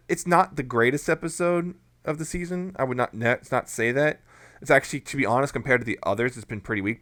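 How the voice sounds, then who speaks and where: A man's voice: mid-range voice, fairly bright tone, no echo, clean studio sound. A man co-hosting a fan podcast, giving frank, hedging opinions in casual chat. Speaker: podcast co-host.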